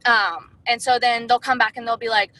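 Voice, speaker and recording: Brief: woman, sales distributor, casual tips talk, bright and fairly high voice, chatty with lots of fillers. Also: fairly even intonation, moderate pace, no room sound, rough recording. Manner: chatty, heavy use of "like" and "um".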